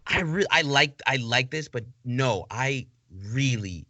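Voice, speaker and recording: A man's voice: medium pitch, lively intonation, measured pace, bright, forceful tone, no room sound, highs cut off. A man hosting a casual interview, asking loose, rambling questions with many restarts. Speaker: podcast host.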